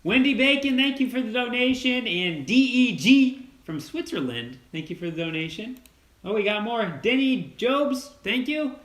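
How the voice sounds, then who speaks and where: A young man hosting a casual farm livestream, upbeat and quick as he thanks donors by name. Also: very high-pitched, expressive, fairly bright tone. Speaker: channel host reading donations. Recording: roomy echo.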